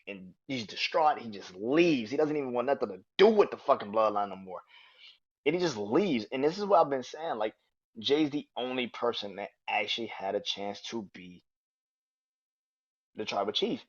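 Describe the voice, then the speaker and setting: A man hosting a podcast, reviewing wrestling in excitable, profane casual chat and laughing often. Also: mid-range voice, husky, muffled recording. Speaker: podcast host.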